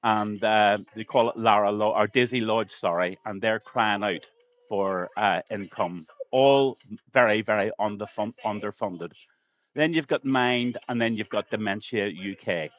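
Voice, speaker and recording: A man's voice: fairly low pitch, measured pace, a bit bright. A middle-aged man, a racing league commentator, talking earnestly on a live stream and repeating words for emphasis.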